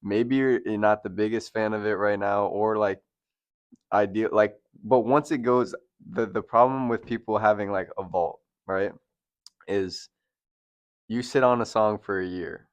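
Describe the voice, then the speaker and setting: Young dude hosting a chill convo, kinda low voice, dry sound, laughs a lot. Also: male voice, measured pace, smooth, no echo. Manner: relaxed slangy talk, laughs often. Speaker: podcast host interviewing a rapper. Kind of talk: casual chat.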